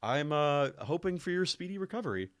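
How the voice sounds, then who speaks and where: A man's voice: on the high side, sing-song, a little fast, noisy background. Chatty, joking male game streamer. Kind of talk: casual game stream commentary.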